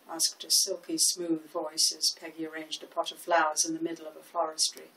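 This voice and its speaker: A woman in her seventies narrating a short story in a measured, expressive reading. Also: low voice, recorded from a distance, slight background noise, low-quality recording. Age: 70s. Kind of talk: audiobook reading.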